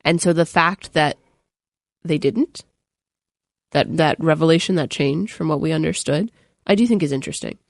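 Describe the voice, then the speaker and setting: A woman's voice: sits low, normal speed, long pauses, no room sound, studio quality. A woman chatting on a podcast panel, hedging with "I think" and often restarting her phrases. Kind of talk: casual chat. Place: studio. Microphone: studio mic.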